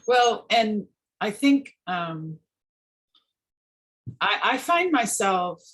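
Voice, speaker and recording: A woman interviewer who listens attentively, gives frequent soft affirmations and then shares her own thoughts. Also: mid-range voice, very animated, extremely slow, low-quality recording. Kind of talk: conversational interview.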